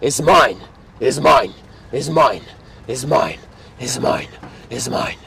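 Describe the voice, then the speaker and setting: A man voicing a boastful male lion, drawn-out shouted calls, much higher than his own voice. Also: lively intonation, creaky, heavily acted. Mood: territorial. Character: boastful roaring male lion claiming land.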